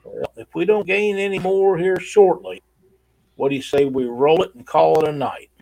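Folksy man, gravelly voice. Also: on the high side, normal speed, dark tone, no room sound, rough recording. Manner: folksy, reads chat comments aloud. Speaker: co-host of a live stream giveaway. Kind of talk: casual live-stream chat.

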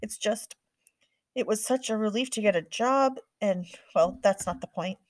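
A woman's voice: mid-range voice, moderate pace, no echo, lightly acted. Woman doing a worried mother of two girls, firm, exasperated, dry close sound. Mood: sighing.

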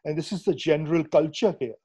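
A man's voice: a little high, fast talker, warm tone, breathy edge. A man hosting a conversational interview over a video call, thoughtful and hesitant, with many fillers and restarts. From India. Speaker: podcast host. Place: Srinagar.

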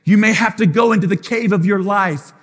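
A man's voice: high-pitched, brisk. A man preaching as lead pastor in a live sermon, with impassioned, repetitive phrases that swell into sung lines. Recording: long hall reverb.

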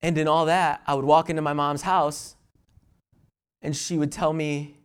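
A middle-aged male pastor preaching a sermon in church, building to loud emphatic peaks and then dropping to hushed storytelling, often repeating words as he restarts. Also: on the high side, level tone, normal speed, smooth.

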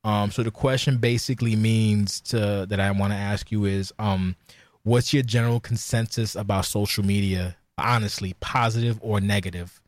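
A man's voice: fairly low pitch, steady tone, moderate pace, no room sound. A man hosting a casual interview, joking loosely and often repeating his words. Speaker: podcast host.

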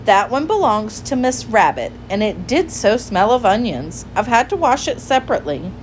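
A woman's voice: on the high side, sing-song, moderate pace, slight background noise. Miss Tiggy Winkle, a fussy hedgehog washerwoman, as a woman puts her on. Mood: bustling. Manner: bustling, chatty and polite. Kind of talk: storybook read-aloud.

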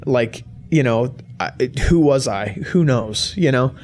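A young adult man giving a personal testimony to an audience, halting and emotional, with many restarts. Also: mid-range voice, animated, a little mellow. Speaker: guest speaker.

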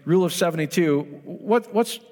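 A man preaching a sermon in a lively storytelling way, acting out the voices of the people he talks about. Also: sits high, moderate pace. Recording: long hall reverb.

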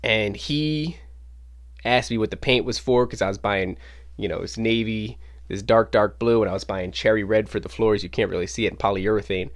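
Lowish-voiced man telling a lively podcast story. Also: moderate pace. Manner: animated, acts out quoted voices, swears casually. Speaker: podcast host. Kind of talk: casual storytelling monologue. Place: home podcast studio.

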